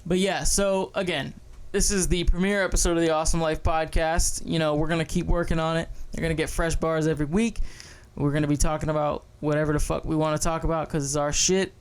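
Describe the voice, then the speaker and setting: A man's voice: a little high, little pitch movement, fast talker, hardly any pauses, clear, resonant tone. A young man co-hosting a casual podcast, talking in a laid-back, profane way and laughing easily. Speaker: podcast co-host.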